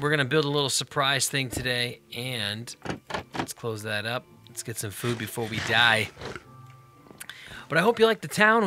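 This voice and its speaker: A man's voice: a little high, bright, forceful tone. A man hosting a Let's Play, giving upbeat, chatty gameplay commentary and talking directly to viewers.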